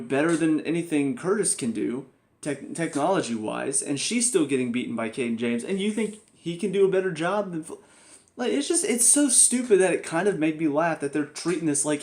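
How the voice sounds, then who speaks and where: A man's voice: a little high, a little mellow. A young man giving a casual spoken TV review, exasperated and sarcastic, often laughing at the plot. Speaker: TV show reviewer.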